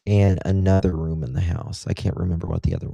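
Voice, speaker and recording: A man's voice: low voice, level tone, fast, creaky, dark tone, no echo, dull audio. A man hosting a true-crime livestream, thinking aloud in casual commentary and posing rhetorical questions.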